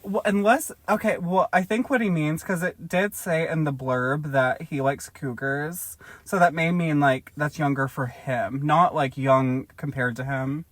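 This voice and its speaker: A woman's voice: low-pitched, measured pace, few pauses, no room sound. A woman podcast host reading a book aloud and breaking off to joke about it, swearing freely in casual comedic chat.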